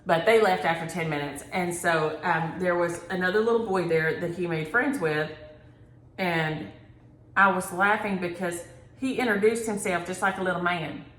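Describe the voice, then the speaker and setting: A woman's voice: on the low side, normal speed, a bit bright. Folksy middle-aged woman in a roomy room. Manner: folksy, storytelling, addresses viewers as y'all. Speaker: cross-stitch vlog host. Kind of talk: casual chatty vlog. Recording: roomy home recording.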